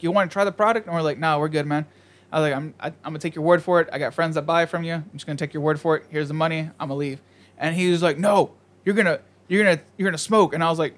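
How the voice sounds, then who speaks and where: A young man spinning a story on a casual podcast, slightly higher than most men. His delivery is relaxed and salty, and he throws in quick impressions of the people he talks about. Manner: laid-back, profane, acts out voices in stories. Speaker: podcast co-host.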